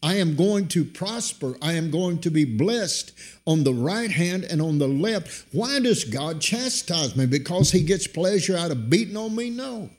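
A middle-aged man preaching a sermon, his voice jumping up suddenly in pitch and loudness to drive points home. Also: lively intonation, a little slow.

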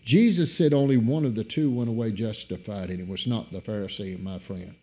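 A middle-aged man preaching a sermon, his voice jumping up suddenly in pitch and loudness to drive points home. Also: brisk.

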